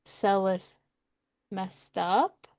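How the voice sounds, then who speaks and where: Female tabletop player, unhurried, gentle questions, dry close sound. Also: medium pitch, dry recording. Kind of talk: playing a tabletop game.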